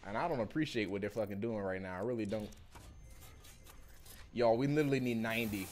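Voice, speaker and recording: A young man, streaming a game pack opening with animated, slangy, swearing commentary. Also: on the low side, a little fast.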